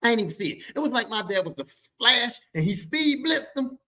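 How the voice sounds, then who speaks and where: A man telling a family story on his podcast, profane, slangy and animated. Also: very high-pitched, fairly quick. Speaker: podcast host. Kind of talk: comic storytelling.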